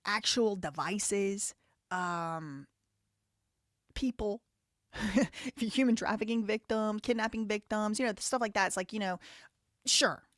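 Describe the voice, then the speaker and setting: A woman's voice: a little slow, long pauses, dry recording, clean studio sound. A woman from the Southern US hosting a live stream, reading super chats and giving blunt, outspoken commentary. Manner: blunt, outspoken, rising loud and high when heated. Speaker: livestream host.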